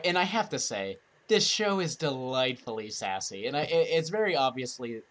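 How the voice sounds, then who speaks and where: A man's voice: medium pitch, a bit bright. A man co-hosting a loose conversational show. He trips over his words and restarts sentences often. He laughs readily at the others. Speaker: podcast co-host. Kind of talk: casual chat.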